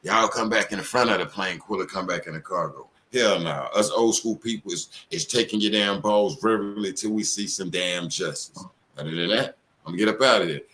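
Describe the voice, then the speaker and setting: Slangy, low-voiced male stream host. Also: a little fast, bright, forceful tone. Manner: loose, slangy, profane, rambling. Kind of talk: casual live-stream chat.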